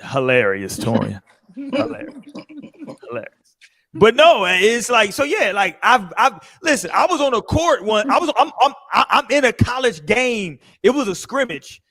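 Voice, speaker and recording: A man's voice: very high voice, sing-song, moderate pace, sharp tone, no room sound. A young man on a casual podcast panel, telling a story with lots of acted-out quotes and profanity. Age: young adult.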